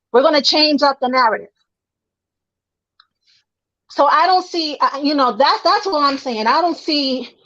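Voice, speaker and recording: A high-pitched woman chats on a casual livestream, hammering her points home to the viewers. Her audio sounds dull and lo-fi, as if coming through a weak connection. She talks with a Brooklyn-born woman's easy directness. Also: fairly bright tone. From Brooklyn, New York. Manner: emphatic, repeats points for the chat. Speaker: co-host of a gossip livestream.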